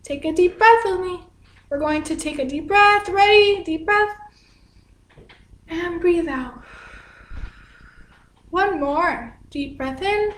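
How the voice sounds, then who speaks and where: A woman with a very high, light voice guides young children through a livestreamed dance class from a room in her home. She speaks slowly and patiently in a sing-song manner, breaking each step down simply, and the echoey room makes her voice bounce off the walls.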